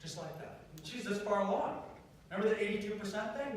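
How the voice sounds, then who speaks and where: A high-voiced man speaks to students in a big hall, his voice bouncing off hard walls and caught from a distance. He tells his stories in a near hush, then rises to loud calls to act. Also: brisk, a little hiss or hum. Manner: storytelling, urges the crowd, swings from hushed to loud. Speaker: pro-life speaker. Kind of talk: campus talk to students. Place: university lecture hall. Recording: very echoey hall, far-off mic.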